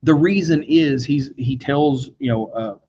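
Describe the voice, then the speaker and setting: A man's dark, slightly rough mid-range voice comes through at a measured pace, highs cut off. He's teaching a history lesson conversationally, leaning on fillers and brief acted quotes.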